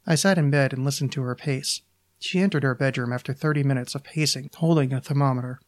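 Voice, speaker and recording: A man, a podcast host, reading his own short story aloud in a deliberate, deadpan manner. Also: mid-range voice.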